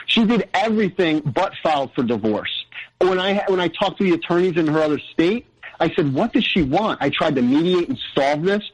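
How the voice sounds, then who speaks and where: A man telling his personal story as a podcast guest, earnest and halting, often restarting his sentences. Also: sits high. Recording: dull lo-fi audio.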